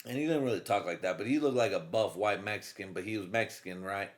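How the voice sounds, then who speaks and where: A man's voice: on the low side, quick pace. Profane rambling male podcast host. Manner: profane, rambling, trailing off into fillers. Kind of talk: casual comedic storytelling.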